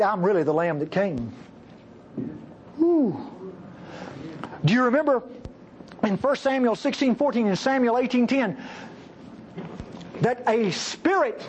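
A man preaching a sermon with passion, acting out the voices he quotes and jumping between high and low. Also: highs cut off, slight background noise.

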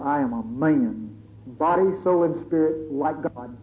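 High-voiced preacher on a tinny recording. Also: male voice, moderate pace. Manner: dramatic, conversational, storytelling. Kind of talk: sermon. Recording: tinny phone-like recording, faint hiss.

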